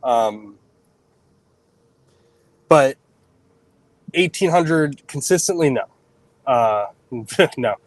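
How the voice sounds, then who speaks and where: A man working as a delivery driver, chatting casually on a livestream in a halting, hesitant way. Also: mid-range voice, animated, dry recording. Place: out on delivery runs.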